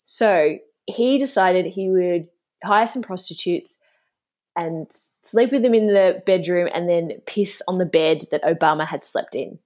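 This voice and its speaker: A woman's voice: on the low side, a little slow, a little mellow. A woman co-hosting a podcast, casually recounting a story from memory. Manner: conversational storyteller, reacting with short remarks. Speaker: podcast co-host. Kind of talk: casual chat.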